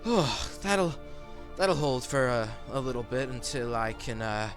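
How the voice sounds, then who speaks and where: A man's voice: medium pitch, expressive, a little slow, music in the background, lightly acted. A man voicing a drow elf craftsman father who talks in flustered, grumbling bursts and sighs over his absent wife. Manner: flustered, sighing, muttering complaints.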